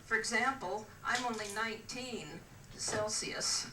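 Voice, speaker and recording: A woman's voice: fairly high pitch, steady tone, a little slow, noisy background. An older woman from the West Coast telling stand-up jokes in a dry, hesitant way with many "uh"s. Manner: dry, hesitant delivery with frequent "uh"s. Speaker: stand-up comic on a cruise. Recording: roomy, distant mic with ambience.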